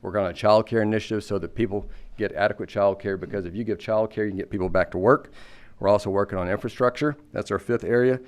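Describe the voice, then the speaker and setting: A lower-voiced man speaks fast and briskly, with a smooth, clear tone. He gives an upbeat official update in a council chamber and promotes the town. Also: steady tone. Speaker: city board member giving a report. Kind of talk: official update at a city meeting.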